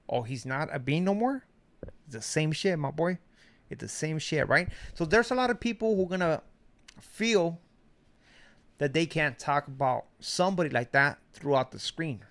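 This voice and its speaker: A middle-aged man from Mexico giving a blunt, slangy commentary monologue. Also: on the high side. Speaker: commentary streamer.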